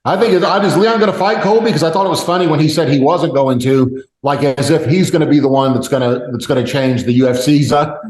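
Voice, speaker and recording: A man co-hosting a fight podcast, talking quickly in a wry, questioning way. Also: on the high side, a little mellow, reverberant, rough recording. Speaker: podcast co-host. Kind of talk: casual chat.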